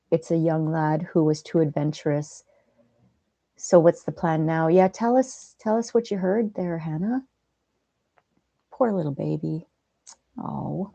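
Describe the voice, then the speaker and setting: A woman hosting a livestream, chatting gently and reading out viewers' comments. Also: sits low, dry recording. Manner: soft-spoken, gentle, chatty. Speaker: livestream host.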